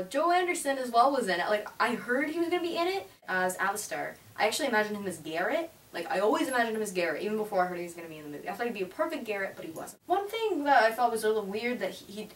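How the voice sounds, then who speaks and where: A teenage girl reviewing a movie in a chatty, gushing way, with lots of "like". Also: medium pitch. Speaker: vlogger. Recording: roomy, distant mic, faint hiss.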